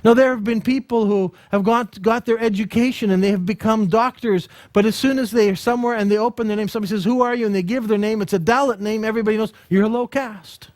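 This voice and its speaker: Man, ministry teacher; animated storyteller with a high, swooping voice and a dry, close sound. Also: quick pace, hardly any pauses, no echo. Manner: animated storytelling, acts out dialogue; frequent restarts and repeated words. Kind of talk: ministry school lesson with personal stories.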